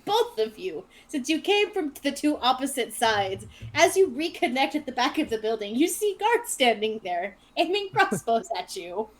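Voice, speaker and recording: Brief: woman game master, higher voice, chatty, laughs easily, online tabletop session. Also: sing-song, moderate pace, few pauses, rough recording. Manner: chatty, laughs often, restarts phrases. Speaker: dungeon master.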